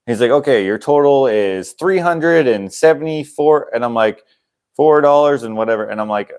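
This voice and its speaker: A man's voice: medium pitch, animated, moderate pace, a little mellow, clean tone. A young man hosting a casual livestream, rambling and chuckling as he acts out the people in his stories. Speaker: channel host.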